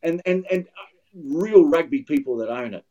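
A man's voice: fairly high pitch, expressive, normal speed, dark tone, poor audio. An older man with a New Zealand accent, a guest commentator telling anecdotes in casual podcast chat, often restarting his sentences. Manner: anecdotal storyteller with many restarts.

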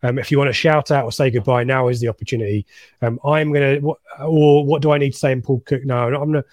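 A man's voice: mid-range voice, steady tone, fast, a little mellow, dry recording, studio quality. A man hosting a casual football chat show, joking and reading out listener comments. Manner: chatty, jokey, reads listener comments. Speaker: podcast host.

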